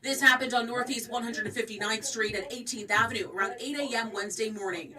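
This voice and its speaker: A woman news reporter reading a report in a measured, formal way. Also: a little high. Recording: distant TV news clip with crowd noise.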